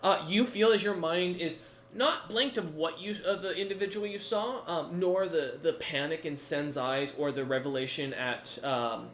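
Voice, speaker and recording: A man's voice: fairly high pitch, moderate pace, a bit bright, slight background noise. A man narrating as game master of a tabletop game, rambling, with many ums and restarts. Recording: echoey room.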